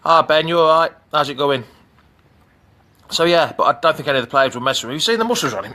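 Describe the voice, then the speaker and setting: On a phone-camera live stream from an outdoor pool, a middle-aged fan channel host with an English Midlands accent chats casually and welcomes viewers by name. He talks fast and animatedly, his slightly high voice bright and forceful.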